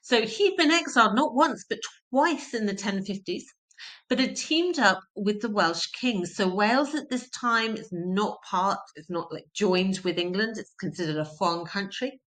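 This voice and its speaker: A woman's voice: medium pitch, expressive, moderate pace, a bit bright. Woman teaching history, emphatic. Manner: explains words simply, emphatic repetition. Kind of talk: explanatory history lesson.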